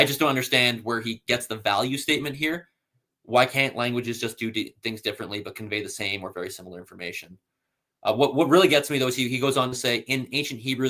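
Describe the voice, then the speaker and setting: A man with a fairly low, slightly bright voice hosts a casual scholarly discussion. He explains things patiently and reads citations aloud, using frequent fillers.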